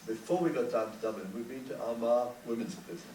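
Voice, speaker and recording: An older man on a panel, recalling the past in halting speech full of repeated words. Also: medium pitch, warm tone. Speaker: panel guest. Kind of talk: reflective panel talk. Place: conference hall. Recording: roomy hall, distant mic, faint hiss.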